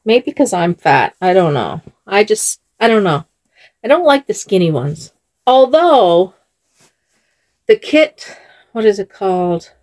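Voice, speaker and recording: A woman's voice: medium pitch, sing-song, takes it slowly, long pauses, a little mellow. A woman vlogger chatting casually while she dresses dolls, talking in a chatty way and laughing often. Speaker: doll channel vlogger.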